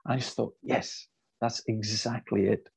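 A middle-aged man speaking to a church audience, telling stories as an evangelist, animated and often repeating himself. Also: lowish voice, measured pace, vocal fry, breathy edge, low-quality recording. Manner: animated storyteller who repeats words and restarts sentences. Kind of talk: storytelling talk to a church audience.

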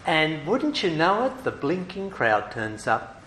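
A man delivers a sermon at an unhurried pace, his fairly high voice swinging widely in pitch. He keeps it light with playful, joking asides. Faint background noise sits under his voice. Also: echoey room. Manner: lively and humorous, with playful asides. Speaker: preacher.

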